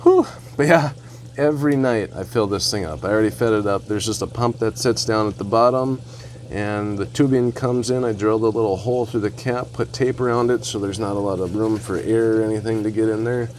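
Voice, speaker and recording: A man vlogging a casual walkthrough of his home reef tank equipment, relaxed and rambling with fillers and asides. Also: lowish voice, fairly quick, a little hiss or hum. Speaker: aquarium hobbyist vlogger.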